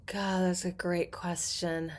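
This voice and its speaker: Animated middle-aged woman telling stories. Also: fairly low pitch, slow pace. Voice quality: character-actor voice. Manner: animated, acts out quoted voices in her stories. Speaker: podcast guest, actor and therapist. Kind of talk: casual interview talk.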